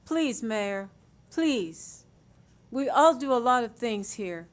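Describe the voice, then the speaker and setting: An older woman volunteer giving a warm, rambling public comment at a hearing. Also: on the high side, expressive, takes it slowly. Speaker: senior volunteer.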